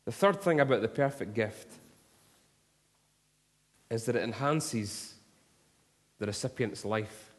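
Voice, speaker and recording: A man's voice: medium pitch, slow pace, long pauses. Man preaching in a reverberant hall. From Scotland. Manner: impassioned preaching, rising to a near shout. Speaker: pastor. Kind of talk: sermon.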